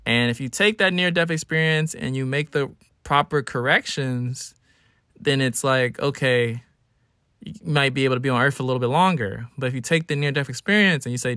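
A man's voice: medium pitch, normal speed, no echo. Young man telling stories, dry and close. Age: 20s. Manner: animated storytelling, acting out his own whining. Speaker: podcast host. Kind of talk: casual solo podcast monologue.

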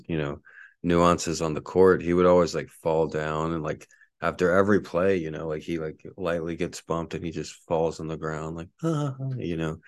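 A man's voice: sits low, no room sound, clean studio sound. A man hosting a solo sports podcast from his apartment, rambling with lots of fillers. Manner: angry ranting at a neighbor outside. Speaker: podcast host. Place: apartment at home.

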